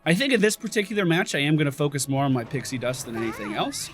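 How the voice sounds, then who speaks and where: A man with a voice on the high side gives quick, chatty let's-play commentary, explaining abilities as he plays and reacting to the action, with faint music in the background.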